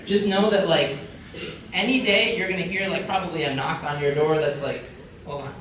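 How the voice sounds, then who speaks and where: Heard distantly through a room mic in a noisy, heavily echoing hall, a young convention panel host jokes in a mock-serious, conspiratorial tone. His voice is a little high, his pace moderate, and his chatty delivery is full of filler words.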